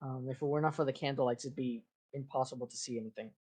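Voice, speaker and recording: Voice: medium pitch, fairly even intonation, quick pace, a little mellow, husky. A game master narrating a tabletop scene in descriptive, improvised fashion, with frequent fillers and restarts.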